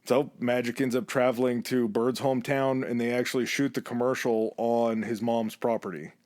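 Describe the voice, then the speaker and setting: A man hosting a podcast, telling a story in a relaxed, casual way and acting out quoted lines with shifts in his voice. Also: mid-range voice, normal speed, dry recording, studio quality. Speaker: podcast host.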